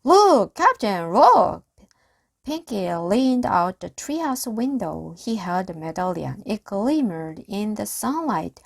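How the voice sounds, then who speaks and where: A woman reading a children's chapter book aloud, slow and expressive. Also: medium pitch, creaky, dry recording. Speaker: reader.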